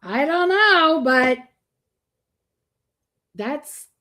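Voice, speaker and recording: Her voice is high and bright, pushed hard, very slow, with big swings in pitch. She's a livestream host from Florida on a streaming mic, reacting live, greeting viewers by name, cursing often, and groaning in disgust as she speaks bluntly.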